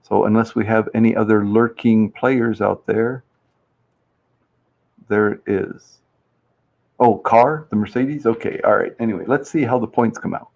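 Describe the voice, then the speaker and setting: Gravelly low-voiced man hosting a stream. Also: fairly even intonation, a little slow, long pauses, highs cut off. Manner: chatty, reads viewers' answers aloud, laughs easily. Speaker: livestream host running a survey game. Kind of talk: casual live-stream chat.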